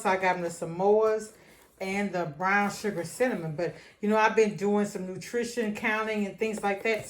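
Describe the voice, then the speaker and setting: A middle-aged woman, chatting casually through a grocery haul and talking to her viewers in a folksy way. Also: medium pitch. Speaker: vlogger.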